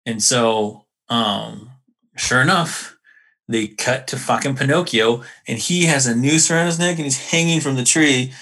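A man talking on a casual podcast, with a bright, forward voice and a middling pitch. He tells his story with animated energy, slang and frequent swearing. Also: moderate pace, slightly rough. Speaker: podcast co-host. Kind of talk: casual chat.

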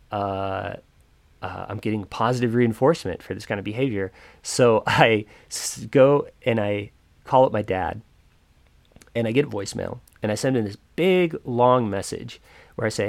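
A young man telling a personal story in a reflective, halting way, with many pauses and fillers. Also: fairly low pitch, no room sound. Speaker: podcaster.

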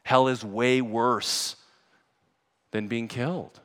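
A man's voice: medium pitch, fairly even intonation, slow, a bit bright, big-room sound. A man preaching a sermon to his church in an earnest voice that rises to urgent emphasis. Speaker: pastor. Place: church sanctuary.

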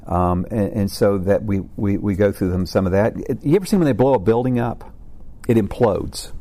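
A man's voice: fairly low pitch, moderate pace, dark tone. Give me a man in his fifties giving a rambling, joking talk. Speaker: counselor and guest speaker. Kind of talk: informal talk to a support group.

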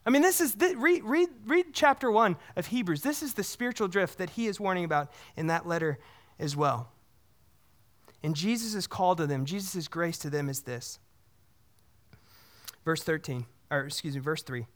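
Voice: medium pitch, animated, moderate pace, fairly bright tone. A pastor preaching a sermon, earnest, often asking the congregation questions and repeating words for emphasis.

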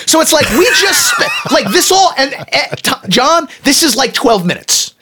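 Animated high-voiced man reviewing a film. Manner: animated, acts out characters in quick voices. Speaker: podcast co-host. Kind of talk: casual movie review chat.

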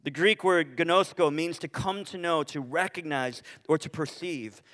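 A man preaching a sermon as pastor, animated and full of rhetorical questions, often restarting his sentences. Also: on the high side, unhurried. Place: church sanctuary. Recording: reverberant church hall.

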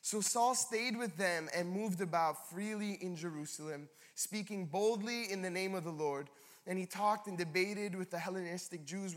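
With a high, slightly bright voice, a young man from Canada preaches as a pastor, sharing stories casually and poking fun at himself. He's in a large church hall, and the recording has long hall reverb.

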